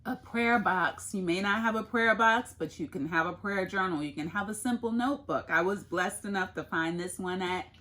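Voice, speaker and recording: A woman's voice: medium pitch, moderate pace, hardly any pauses, fairly bright tone. A woman, a mother, talking through her favorite things in an earnest, casual faith and lifestyle vlog. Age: adult, mother of a son. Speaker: lifestyle vlogger.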